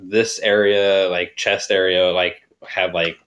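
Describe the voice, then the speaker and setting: A man's voice: low-pitched, level tone, takes it slowly, fairly bright tone. A man co-hosting a casual podcast, rambling through a story with constant filler words. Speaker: podcast co-host. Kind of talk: casual chat.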